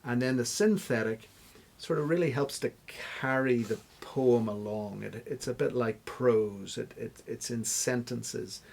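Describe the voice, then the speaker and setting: A man's voice: medium pitch, a little slow, gravelly, darkish tone. A man answering interview questions as a guest scholar, explaining step by step like a teacher. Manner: teacherly, stops to spell out examples.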